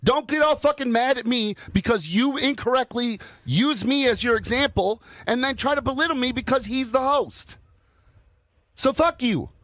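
A man who is a regular on a radio show, arguing on air, combative and profane, yelling and going a bit hoarse. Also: extremely high pitch, normal speed, dry recording. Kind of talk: heated radio on-air argument.

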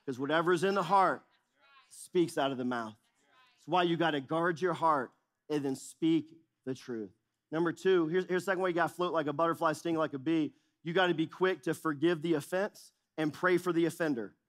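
A man's voice: sits high, fairly bright tone. A middle-aged male pastor preaching a sermon in a church, emphatic and repetitive, asking the audience questions. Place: church auditorium.

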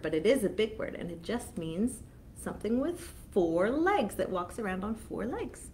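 A woman children's librarian reading a picture book aloud slowly and expressively, pausing to explain each foreign word. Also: medium pitch.

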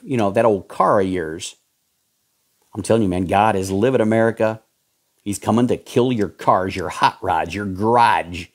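A man's voice: on the low side, normal speed. A man with a Southern accent preaching a fiery sermon, fervent and emphatic, hammering points through repetition. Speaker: pastor.

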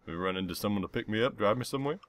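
A man's voice: lowish voice, lively intonation, racing, a bit bright, no echo. A man role-playing a brash, profane character in a game, often talking about himself in the third person. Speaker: let's play gamer.

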